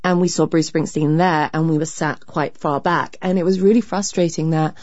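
A woman from the UK, a cultural critic on a radio discussion, talking in an animated, chatty way. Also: deep voice, normal speed, no room sound. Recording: dry, dull sound.

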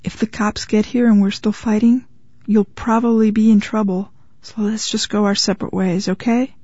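A woman voicing a cool, impatient estranged wife who speaks flatly in a read-aloud story. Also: medium pitch, normal speed, slightly rough, no echo, muffled recording, lightly acted. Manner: flat, impatient.

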